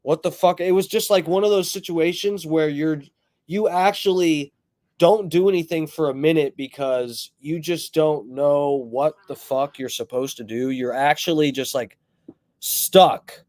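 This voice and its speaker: A man hosting a livestream, telling a story in a rambling, profane, animated way and greeting viewers in chat as he goes. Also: fairly high pitch, a little slow, dry recording. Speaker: livestream host.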